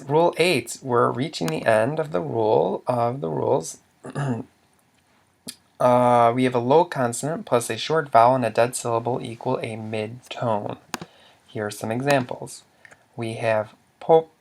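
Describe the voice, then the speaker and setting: Man, teacher, gravelly voice, mid pitch, patient step-by-step explaining. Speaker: language teacher. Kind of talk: explanatory lesson.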